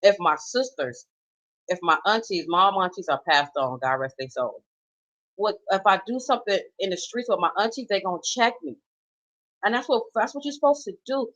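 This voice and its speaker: A woman's voice: lowish voice, a bit bright. A middle-aged woman, a mother and grandmother, ranting emphatically and unscripted, swearing freely as she talks. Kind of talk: unscripted personal rant. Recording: slightly dull, lo-fi sound.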